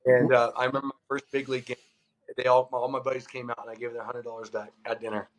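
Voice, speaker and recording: In this low-quality recording, a middle-aged ex-pro baseball player from California tells stories quickly and casually at a medium pitch. He's loose and animated, voices the dialogue he quotes, and leans heavily on "like."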